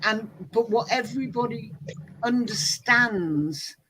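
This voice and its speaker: A woman's voice: a little high, takes it slowly, fairly bright tone. A woman from Birmingham with a Birmingham accent, telling stories and laughing in a casual group chat. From Birmingham, England. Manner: chatty, laughing storyteller. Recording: noisy background.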